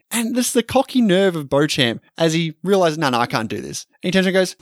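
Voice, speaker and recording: A man's voice: on the high side, lively intonation, a little fast, few pauses, no echo, clean studio sound. A man co-hosting a podcast in casual film talk, eagerly acting out lines from the movie. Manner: enthusiastic, acts out film lines. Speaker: podcast co-host.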